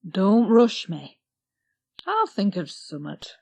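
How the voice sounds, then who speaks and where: An easygoing middle-aged gardener, as a woman reader lowers her voice for him, mild and unhurried in plain country dialect. The storybook recording is dry and close. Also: huge pitch swings, vocal fry, dark tone, slightly rough, no echo, full character voice. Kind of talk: audiobook character voice.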